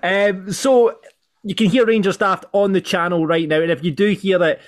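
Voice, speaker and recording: A man's voice: sits high, steady tone, moderate pace. A man hosting a casual podcast chat and steering the talk to new topics. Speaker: podcast host.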